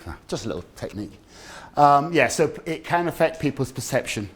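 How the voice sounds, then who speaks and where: A middle-aged man giving a lively talk on dementia care, acting out the people in his stories. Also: mid-range voice, a little fast. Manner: animated storyteller, acts out quoted voices. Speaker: dementia awareness speaker. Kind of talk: lively public health talk. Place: community event room.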